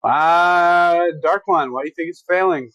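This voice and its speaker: A man's voice: sits high, unhurried, fairly bright tone, clear, resonant tone, dry recording, highs cut off. A man co-hosting a livestream, chatting casually and folksily as he reads viewer comments. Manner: laid-back, folksy, laughs easily. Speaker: livestream co-host.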